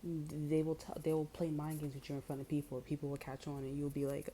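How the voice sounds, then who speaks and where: A woman with a low, mellow voice gives a loose, chatty tarot reading. She is blunt and swears freely, and her talk is full of fillers. A faint noise sits underneath. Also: level tone, brisk, few pauses, rough recording. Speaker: tarot reader.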